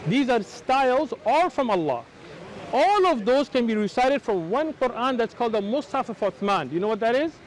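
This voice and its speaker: A man's voice: very high voice, very animated, moderate pace, low-quality recording. An American man debating religion on a street, insistent and lecturing, talking over the other man. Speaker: Muslim debater.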